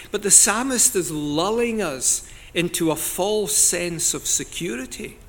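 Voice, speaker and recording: A man preaching a sermon in an earnest, deliberate way, now and then rising to loud cries as he quotes scripture. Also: high-pitched, expressive.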